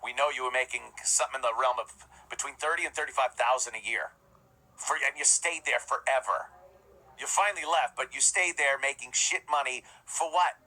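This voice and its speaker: A man's voice: mid-range voice, fairly quick, bright, forceful tone, low-quality recording. A man ranting scornfully in profane, mocking commentary as a podcast host.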